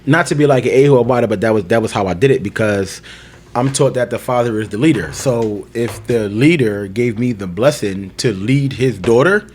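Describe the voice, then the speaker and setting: A young man co-hosting a podcast tells a long personal story in casual chat, with a brisk, mid-range voice that is a little mellow and husky. He's a loose, chatty storyteller, full of "like" and "you know," and laughs often.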